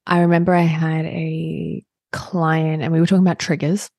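A woman with a somewhat low, husky voice hosts a relaxed podcast talk. She affirms her guest warmly and murmurs agreement often. Her voice sounds close and dry. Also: moderate pace, dry recording. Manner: warm, affirming listener, frequent agreeing murmurs. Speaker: podcast host. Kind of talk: casual podcast conversation.

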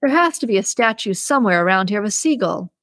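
A woman voicing an excitable, determined young female detective who insists she is right. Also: mid-range voice, quick pace, dry recording, studio quality. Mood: insistent. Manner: eager and insistent.

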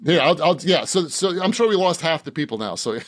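Guy from boston rambling and laughing a lot, kinda high voice, dry close sound. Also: lively intonation, a little fast, no room sound. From Boston, Massachusetts. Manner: rambling, self-mocking, laughs often, many restarts. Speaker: author guest. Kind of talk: casual podcast interview.

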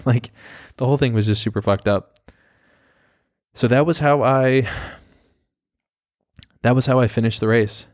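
A man's voice: medium pitch, unhurried, long pauses, darkish tone, no echo, clean studio sound. A young man hosting a podcast, telling a story casually with lots of fillers and swearing. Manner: rambling, profane, full of fillers like "like". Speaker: podcast host.

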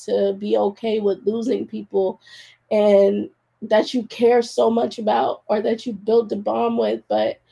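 A woman's voice: mid-range voice, little pitch movement, measured pace, creaky, warm tone. A tearful woman hosting a solo podcast, talking casually and encouraging her listeners while she cries. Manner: emotional, encouraging, addresses listeners as y'all. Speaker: podcast host.

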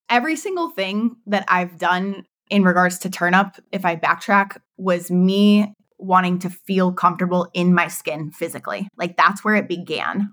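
A woman's voice: lowish voice, a bit bright. A woman in her thirties, a guest on a podcast, talking candidly about her business and laughing often. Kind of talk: casual interview chat.

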